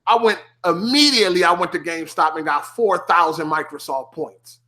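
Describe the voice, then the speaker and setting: A man streaming, telling a gaming story casually, with heavy slang and cursing, acting out his younger self in a higher, excited voice. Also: moderate pace.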